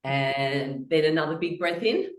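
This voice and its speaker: Woman, laughter exercise leader, rhythmic chanted laughs, giggly, slow-paced, echoey room. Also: low-pitched, animated.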